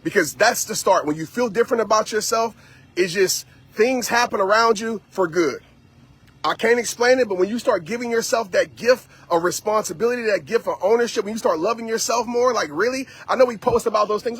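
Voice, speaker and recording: A man's voice: sits high, quick pace, fairly bright tone, husky. A man giving a motivational talk to a live-stream audience while out on a walk, preachy and repetitive, speaking straight to his listeners.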